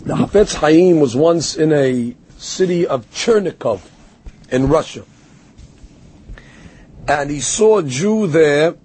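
A man's voice: a little high, unhurried, warm tone, slightly rough. A man giving a Torah lecture as a rabbi. He tells stories, quotes Hebrew verses and explains them, and answers a heckler with self-deprecating humor. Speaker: rabbi teaching a Torah class.

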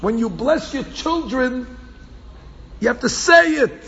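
A man teaching a Torah class to a small group in an animated way, repeating phrases for emphasis and mixing in Hebrew quotes. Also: very high-pitched, takes it slowly, breathy edge. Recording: echoey hall, dull lo-fi sound with faint background hum.

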